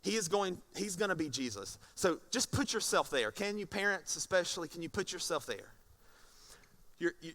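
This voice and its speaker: A man preaching a sermon as pastor, animated and often repeating words. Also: fairly high pitch.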